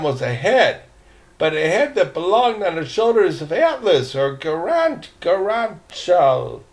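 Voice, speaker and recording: An older man reading a storybook aloud, with playful, mock-fearful asides to his listeners. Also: sits high.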